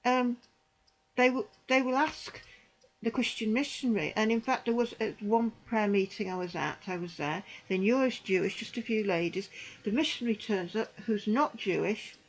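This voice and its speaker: On a low-quality recording, a middle-aged woman vlogger gives a personal testimony about church experiences. Speaking at normal speed in a mid-range voice, she sounds indignant and emphatic, repeating phrases to drive her points home.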